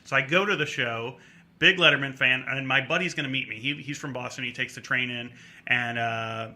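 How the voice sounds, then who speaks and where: A middle-aged comedian from the Midwest telling a rambling, animated story in a casual interview. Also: male voice, medium pitch, brisk. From American Midwest. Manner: rambling, animated anecdote with acted-out quotes. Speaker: comedian guest.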